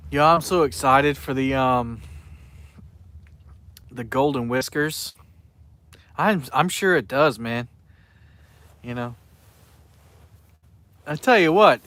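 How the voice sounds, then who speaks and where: A man with a drawl talks casually through a long fishing live stream. His pitch sits in an ordinary middle range, and he rambles along, greeting viewers by name. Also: sharp tone, dry recording. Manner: rambling, chatty, reads out viewer names. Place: outdoors by the water at night.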